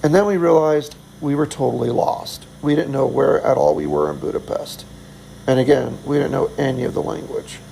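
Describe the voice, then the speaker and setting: A man's voice: mid-range voice, lively intonation, normal speed, creaky, dark tone, slight background noise, poor audio. A middle-aged man telling a travel story in a casual, rambling way, chuckling often and poking fun at himself. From United States. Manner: chuckling, self-deprecating, rambling. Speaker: vlogger.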